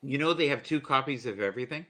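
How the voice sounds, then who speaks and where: A man's voice: mid-range voice, fast, pushed and bright. A man hosting a casual group livestream chat, telling stories animatedly and often laughing.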